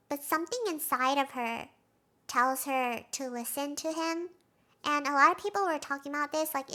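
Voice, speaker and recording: Bright high-voiced woman recapping excitedly. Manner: excitable, laughs often, says "like" a lot. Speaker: streamer. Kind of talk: casual live-stream episode recap.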